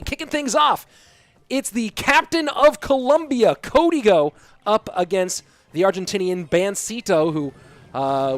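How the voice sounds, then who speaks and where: Excitable high-voiced male esports caster. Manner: chatty, reads out viewer messages between plays; excitable, voice jumps up at big plays. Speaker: esports caster and stream host. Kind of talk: live play-by-play game commentary.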